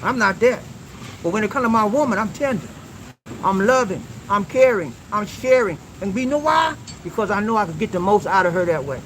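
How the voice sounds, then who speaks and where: A man's voice: high-pitched, animated, brisk, fairly bright tone, a little hiss or hum, low-quality recording. A man hosting a relationship advice talk, preaching emphatically to his viewers with call-and-response questions and repeated lines.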